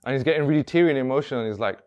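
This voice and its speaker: A man's voice: mid-range voice, racing, a little mellow, muffled recording. Rambling man telling a story. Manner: rambling, full of "he's like" and restarts. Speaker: workshop speaker. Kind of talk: casual spoken storytelling.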